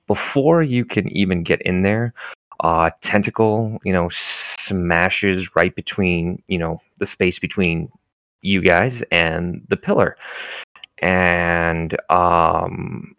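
Slow, deep-voiced game master. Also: male voice, a bit bright, no echo. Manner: unhurried, descriptive, full of fillers like "you know". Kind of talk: narrating a tabletop game.

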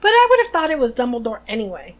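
A woman co-hosting a podcast, narrating a novel aloud in an expressive way and chatting about it. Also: a little high, fast. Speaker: podcast co-host.

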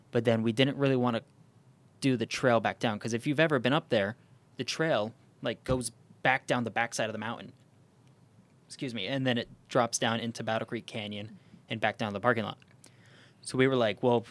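A man's voice: mid-range voice, fairly bright tone. Casual rambling man with many fillers. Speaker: podcast host. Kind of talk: casual chat.

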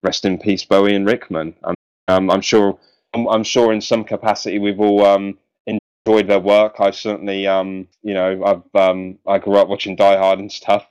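Man, lowish voice, podcast host, casual chat, lots of ums and false starts. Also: level tone, normal speed, a little mellow, smooth, dull audio. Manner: hesitant, many ums and restarts.

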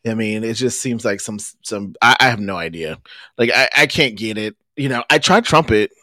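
A man co-hosting a casual podcast, an animated storyteller who talks with lots of fillers. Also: lowish voice, moderate pace, dry recording, clean studio sound. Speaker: podcast co-host. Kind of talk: casual chat.

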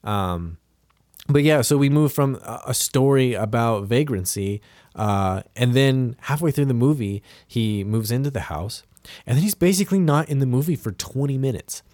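A man's voice: medium pitch, lively intonation, moderate pace, darkish tone, no echo, clean studio sound. A man co-hosting a podcast, casually talking through a film with many fillers and restarts. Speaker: podcast co-host.

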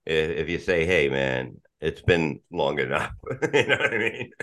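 A man's voice: a bass voice, big pitch swings, measured pace, a bit bright. A middle-aged man chatting casually as a podcast guest, rambling and swearing, restarting sentences and laughing often.

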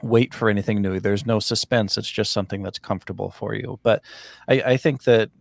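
A low-voiced man hosting a casual chat. His talk is rambling and jokey, and the sound is dry and close. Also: fairly even intonation, brisk, creaky, no room sound. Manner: rambling, repetitive joking.

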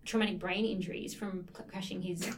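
A woman's voice: on the low side, fairly even intonation, brisk, far from the mic. A woman co-hosting a casual chat about books, telling stories enthusiastically and laughing often. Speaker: podcast co-host discussing books.

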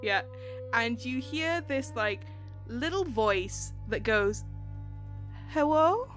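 A woman's voice: fairly high pitch, expressive, slow, fairly bright tone, faint music behind. Giggly woman game master. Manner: giggly, laughs often. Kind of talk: narrating a tabletop game.

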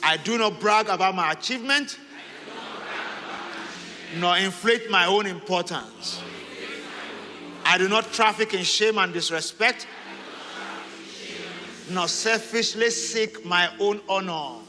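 A man pastor leading prayer and having the congregation repeat declarations after him, rising to fervent shouts. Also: high-pitched, takes it slowly, long pauses, noisy background. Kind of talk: sermon and prayer. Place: large church hall. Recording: echoing hall with music.

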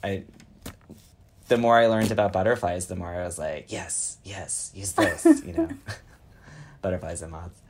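An author being interviewed, speaking in a hesitant way with many pauses and fillers. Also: deep voice, a little mellow, slight background noise. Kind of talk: casual interview.

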